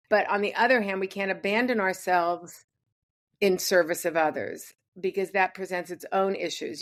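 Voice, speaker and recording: An older woman as an interview guest, talking in a thoughtful, earnest way and often pausing to search for her words. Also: mid-range voice. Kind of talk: reflective interview conversation.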